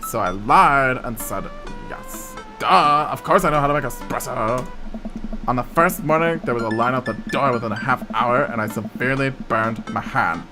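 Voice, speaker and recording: A man voicing a sardonic teenage daughter with a deadpan, sarcastic way of talking. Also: medium pitch, moderate pace, music in the background, lightly acted.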